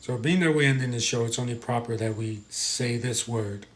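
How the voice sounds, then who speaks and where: A man's voice: medium pitch, moderate pace. An American man hosting a live stream, chatting casually, reading viewer comments and stumbling over pronunciations.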